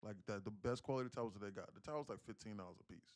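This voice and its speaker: A young man day-trading on a livestream, chatting casually and profanely with viewers, telling stories loudly and excitedly. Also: fairly low pitch, racing. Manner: profane, animated storytelling, gets loud and excited.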